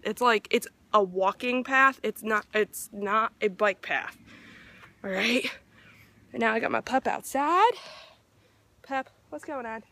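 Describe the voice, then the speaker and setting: A woman's voice: a little high, animated, a little slow, sharp tone. Chatty young woman vlogging. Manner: chatty, lots of "like" fillers. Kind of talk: casual vlog chat.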